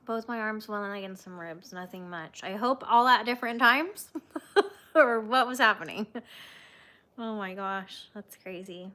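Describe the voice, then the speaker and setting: A woman with a mid-range, sharp-toned voice speaking at normal speed hosts a crochet livestream. She reads live comments, chats casually with viewers, and laughs often while telling stories on herself.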